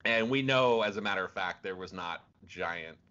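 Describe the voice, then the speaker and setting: A man's voice: low-pitched, normal speed, sharp tone, clear, resonant tone. A man co-hosting a podcast, casually retelling strange stories with laughs and restarts. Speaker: podcast co-host. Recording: dull lo-fi sound.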